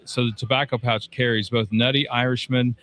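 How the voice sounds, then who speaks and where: A man co-hosting a podcast, speaking casually and haltingly. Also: mid-range voice, little pitch movement, fairly bright tone. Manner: halting, many fillers and restarts, laughs easily. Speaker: podcast co-host. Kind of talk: casual chat.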